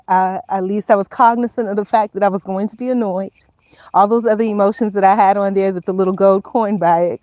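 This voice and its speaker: A woman's voice: medium pitch, darkish tone, no echo, poor audio. A woman in her fifties talking casually at home. She rambles, laughs often and swears freely. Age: 50s. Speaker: vlogger. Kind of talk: casual talk to camera. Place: at home, indoors.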